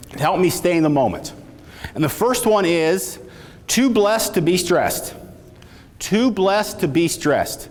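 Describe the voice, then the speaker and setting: A man on stage delivering a motivational keynote, his slightly high voice swinging widely in pitch as he tells a story. He talks to the crowd and asks them to repeat after him. The sound carries a long reverb from a large hall. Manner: animated storytelling with audience call-outs. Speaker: keynote speaker.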